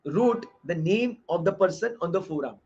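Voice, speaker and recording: Man with a high voice, earnest lecturer who repeats key lines, on dull lo-fi audio. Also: animated, moderate pace, darkish tone, slightly rough. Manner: earnest and explanatory, often repeating phrases. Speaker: course lecturer reviewing a book. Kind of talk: online lecture.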